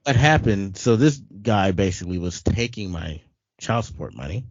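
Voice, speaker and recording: A man with a low voice tells a rambling personal story on a casual podcast. He repeats words as he goes and laughs often. The sound is dry and slightly dull. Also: expressive, moderate pace, husky, no echo. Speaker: podcast co-host.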